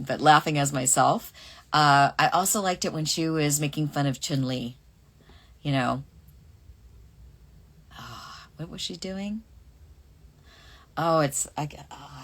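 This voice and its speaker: A woman's voice: sits low, a bit bright. A middle-aged voice actress casually answering fan questions on a livestream, reading them aloud and musing over her answers.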